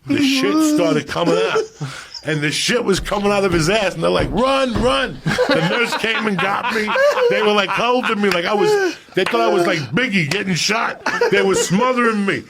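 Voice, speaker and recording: The recording is very noisy as a middle-aged man with a high-pitched yet gravelly, husky voice tells a profane comic story on a podcast at normal speed. He is animated and loud in places and hushed in others.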